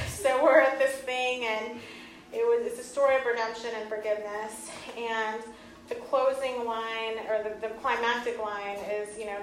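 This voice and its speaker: A woman's voice: on the high side, level tone, normal speed. A woman in her thirties, earnest and often laughing, telling a personal story to an audience. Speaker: speaker giving a talk. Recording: echoey hall from far off.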